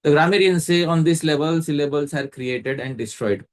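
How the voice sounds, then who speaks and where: A man giving a scriptural lecture, explaining step by step in a measured way and pausing to quiz a listener. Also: on the high side. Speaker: teacher.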